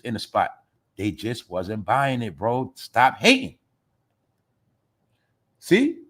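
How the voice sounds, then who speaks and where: Animated ranting man with a lively voice. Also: fairly high pitch. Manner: animated, ranting, talks straight to the chat. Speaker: commentary show host. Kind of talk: opinionated live-stream commentary.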